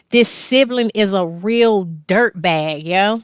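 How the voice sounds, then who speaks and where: Woman tarot reader, casual and blunt, quick laughs, smooth clear voice, dry close sound, salty slang. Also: mid-range voice, fairly bright tone, no echo. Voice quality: blunt and slangy, laughs often, cusses freely.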